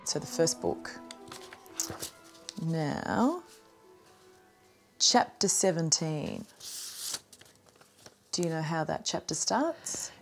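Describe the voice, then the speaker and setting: A woman's voice: low voice, very animated, extremely slow, creaky, pauses often, faint music behind. An Australian woman TV interviewer asking direct questions.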